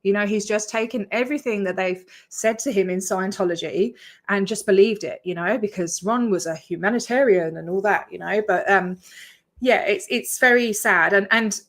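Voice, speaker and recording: A woman's voice: medium pitch, normal speed. An Australian woman chatting on a casual reaction stream, blunt and swearing, laughing in disbelief. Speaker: streamer reacting to her own video.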